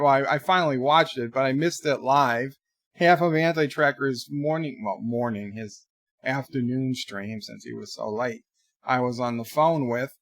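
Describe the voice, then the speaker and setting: This man's voice is medium in pitch and a bit bright, recorded with no echo. He's streaming live from home in a casual mood, wandering through a story, restarting often, and reading viewers' chat messages out loud.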